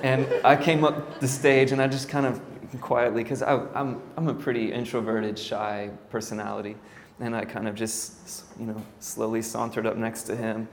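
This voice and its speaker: Worship pastor storytelling in a reverberant hall. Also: male voice, mid-range voice, flat delivery, moderate pace. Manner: casual storytelling, self-deprecating, many fillers. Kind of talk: church talk. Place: church hall. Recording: hall reverb, faint ambient noise.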